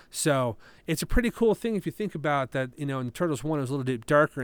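A man's voice: mid-range voice, clear, resonant tone, dry recording. A man in his thirties hosting a casual solo podcast, rambling with lots of fillers and casual swearing. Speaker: podcast host.

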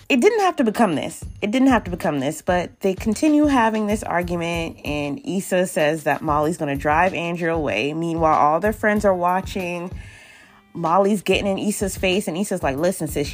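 A woman hosts a podcast, recapping a TV episode with blunt, exasperated commentary full of swearing. Her voice sits a little low. Faint music plays in the background. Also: animated, fairly quick. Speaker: podcast host reviewing a TV episode. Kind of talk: casual, profane recap and rant.

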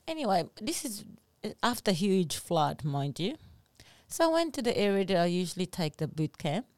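A woman co-hosting a podcast, telling stories in an animated, earnest way with simple phrasing. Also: mid-range voice, moderate pace, no echo. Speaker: podcast co-host. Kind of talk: casual chat, storytelling.

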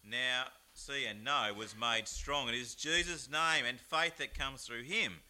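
A man with an Australian accent, preaching a chatty, animated sermon with plenty of rhetorical asides. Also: mid-range voice, measured pace. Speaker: pastor. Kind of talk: lively sermon.

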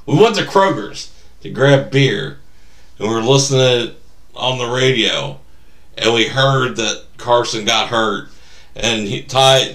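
A man's voice: mid-range voice, a bit bright, roomy sound, recorded from a distance. A man co-hosting a podcast in casual, jokey sports chat. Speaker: podcast co-host.

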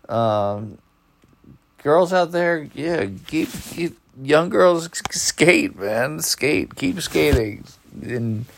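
A man hosting a podcast in casual chat, rambling in laid-back slang and yawning as if sleepy. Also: mid-range voice. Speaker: podcast host.

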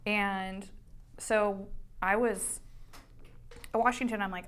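A woman's voice: medium pitch, normal speed, fairly bright tone. Chatty woman talking about riding. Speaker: motorcycle rider. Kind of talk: casual chat.

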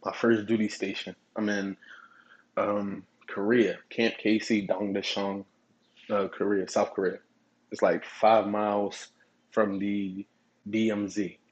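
A man hosting his own podcast, telling stories in a relaxed, profane way and chuckling often. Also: lowish voice, slow, slightly rough, poor audio. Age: adult. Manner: laid-back, profane storytelling with chuckles. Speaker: podcast host. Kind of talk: casual solo podcast monologue.

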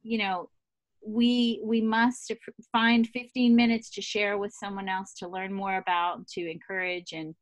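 A woman's voice: mid-range voice, flat delivery, measured pace, no echo. Woman host, easy interviewing manner, drops in you-knows, dry mic. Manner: warm, affirming questioner with fillers. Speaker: podcast host. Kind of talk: conversational interview.

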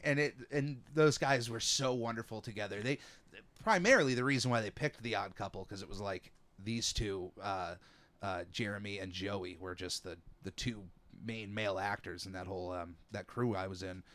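A young man hosting a podcast, telling stories in a casual, animated way. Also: on the low side. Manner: animated storyteller, quick asides. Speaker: podcast host. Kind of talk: casual chat.

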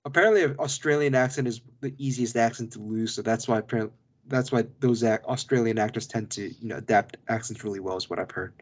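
A man's voice: mid-range voice, quick pace. Rambling male podcast co-host. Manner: rambling, with many restarts and asides. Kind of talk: casual film review chat.

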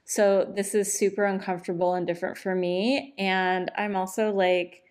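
A middle-aged woman hosting a podcast, talking off the cuff in a relaxed, chatty way, with many fillers, into a microphone. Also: medium pitch, normal speed. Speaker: podcast host and divorce coach.

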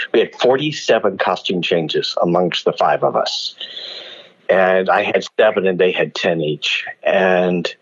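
A man with a lowish voice tells stories as an interview guest. He is animated, laughs often and acts out quoted lines. The audio is dull and lo-fi. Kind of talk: storytelling interview.

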